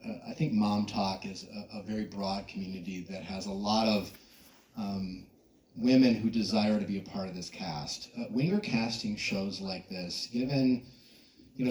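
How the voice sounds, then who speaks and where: A man's voice: lowish voice, a little mellow. A man moderating a panel discussion, enthusiastic about the show as he asks his questions. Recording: echoey hall with faint noise.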